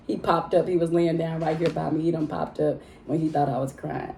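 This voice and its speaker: A woman vlogging in casual chat from her home, talking to her viewers in an animated, chatty way and laughing often. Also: sits low, normal speed, vocal fry, a little hiss or hum. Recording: roomy echo in a home room.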